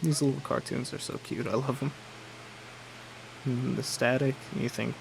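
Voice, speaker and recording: A man's voice: mid-range voice, fairly even intonation, moderate pace, gravelly, rough recording. A tired man giving casual, rambling commentary while playing a game, with a faint air conditioning hum. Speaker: gamer. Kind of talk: casual let's play commentary.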